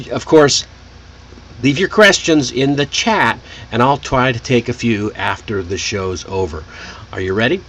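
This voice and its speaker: A man from Texas, teaching an online English pronunciation lesson. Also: medium pitch. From Texas, United States. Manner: slow, lively, animated delivery.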